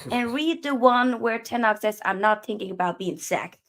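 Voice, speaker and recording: Gravelly-voiced woman hosting a football stream. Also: fairly high pitch, expressive, moderate pace, fairly bright tone. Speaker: host of a football reaction stream. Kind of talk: live match reaction chat.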